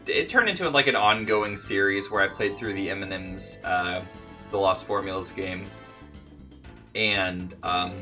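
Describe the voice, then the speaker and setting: A young man talks casually to his channel, drifting between asides and poking fun at himself while he snacks. His voice sits low but comes out bright and forward. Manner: rambling and self-deprecating, talks while snacking. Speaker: channel host. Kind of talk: casual rambling vlog chat.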